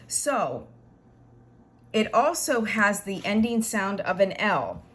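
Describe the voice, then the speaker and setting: A woman teaching an English grammar lesson, explaining slowly and patiently with repeated examples. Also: mid-range voice, big pitch swings.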